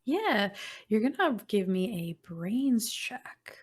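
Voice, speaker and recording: A woman narrating as game master of a tabletop role-playing game, describing scenes in an unhurried, descriptive way. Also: mid-range voice, sing-song, breathy edge.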